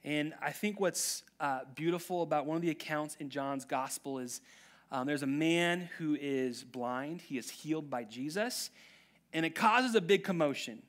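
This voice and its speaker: A man gives a casual sermon, talking in a chatty, lively way. His voice sits a little on the high side, and he acts out characters' lines as he tells stories. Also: normal speed. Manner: chatty, animated, acts out quotes. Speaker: pastor.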